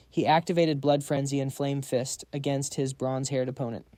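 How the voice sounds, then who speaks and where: A man's voice: mid-range voice, steady tone, fairly quick, few pauses, mellow, dry recording, clean studio sound. A man narrating a fantasy comic recap in a dramatic, scripted storytelling style.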